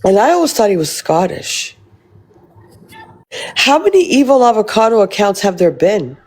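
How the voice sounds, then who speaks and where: A woman hosts a casual live stream, reading out and responding to viewer comments. She's very animated, blunt and rambling, and swears freely. Her voice is mid-pitched with a darkish tone, at normal speed.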